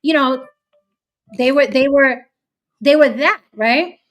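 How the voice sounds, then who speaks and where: A woman hosting a casual panel discussion, talking in an animated, emphatic way and acting out voices she quotes. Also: high-pitched, unhurried. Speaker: panel host.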